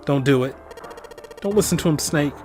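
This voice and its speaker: Casting: a man doing a desperate young guy, urgent and pleading, pitched up. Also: moderate pace, a little mellow, faint music behind, natural voice.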